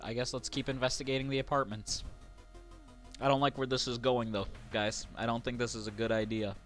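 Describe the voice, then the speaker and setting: A man's voice: medium pitch, flat delivery, brisk, a bit bright, faint music behind. A man streaming a video game live, reading the on-screen text aloud between casual asides to his viewers. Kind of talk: live gameplay commentary.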